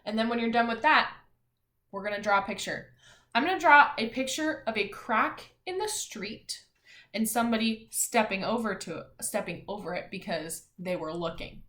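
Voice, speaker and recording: A woman teacher giving a phonics and spelling lesson to young children, talking clearly and encouragingly. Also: on the high side, a bit bright. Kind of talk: early-grades phonics lesson. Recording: echoey room.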